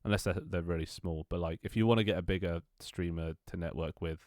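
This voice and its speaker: This young Londoner, very deep-voiced and a little mellow, chats at a quick pace with his stream audience. He rambles, swears casually and stumbles often, restarting and laughing. The audio is close and dry.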